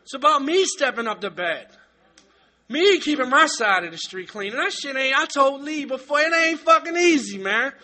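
A man gives an emotional recovery testimony at a meeting, blunt and full of profanity. His voice sits very high and has a tense, piercing edge. He often rises into shouting. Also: animated, moderate pace. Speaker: recovering addict sharing at a meeting.

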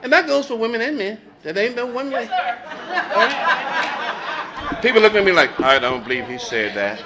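A middle-aged man giving a blunt, profane, animated speaker share at a recovery meeting, laughing between lines. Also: sits high, background noise. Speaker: recovering addict sharing at a meeting.

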